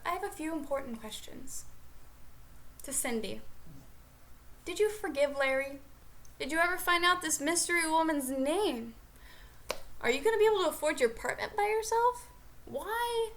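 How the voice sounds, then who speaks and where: A young woman vlogger telling a funny story in a chatty, animated way. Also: high-pitched. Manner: chatty, animated, lots of "like" fillers. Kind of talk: comedic storytelling vlog.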